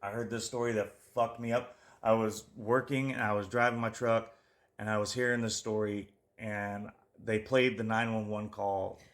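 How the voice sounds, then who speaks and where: In a casual true-crime podcast conversation, this male co-host wanders, curses often and trails off mid-thought. He has a fairly low pitch and a flat delivery at normal speed.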